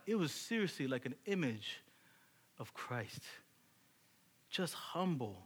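A man's voice: medium pitch, a little slow, pauses often, husky. A man in his thirties preaching, telling a story and acting out the dialogue, often dropping to a whisper for emphasis. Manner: animated, acts out dialogue, drops to whispers for emphasis. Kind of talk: sermon illustration storytelling.

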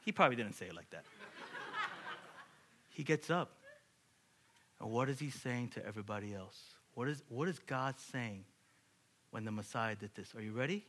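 Bright-voiced man preaching a fervent sermon. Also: medium pitch, moderate pace, long pauses, a little hiss or hum. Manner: animated preaching, rising to shouts, rhetorical questions. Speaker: pastor.

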